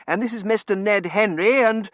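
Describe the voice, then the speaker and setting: A man's voice: sits high, normal speed, fairly bright tone, no room sound, pitched above the performer's own voice. A man voicing a polite, flustered young male undergraduate who stammers.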